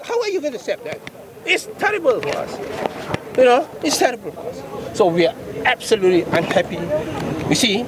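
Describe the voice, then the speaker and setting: A man's voice: extremely high pitch, fairly bright tone. An older man with a Malaysian accent, a retired police chief speaking indignantly to the press outdoors, repeating his points for emphasis. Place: outdoors in a city among a crowd. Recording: outdoor press scrum with crowd noise.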